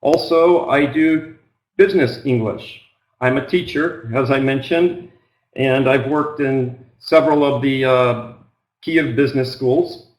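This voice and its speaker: A middle-aged man from Oregon with a plain Pacific Northwest American accent, teaching an online business English trial lesson in a slow, unhurried way with frequent ums. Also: medium pitch, roomy sound, low-quality recording. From Oregon, United States.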